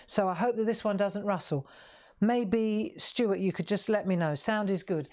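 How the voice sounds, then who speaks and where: A woman's voice: mid-range voice, normal speed, darkish tone. A woman hosting a live colouring tutorial from her craft room, chatty and demonstrative, talking into a lapel mic. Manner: chatty, demonstrative, laughs at herself. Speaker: crafting livestream host.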